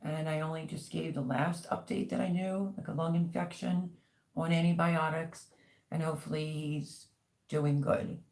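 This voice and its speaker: A woman's voice: sits low, fairly even intonation, normal speed, darkish tone. A middle-aged woman hosting a casual livestream, chatting and reading out viewer comments with lots of ums. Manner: chatty, rambling, many ums. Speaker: livestream host.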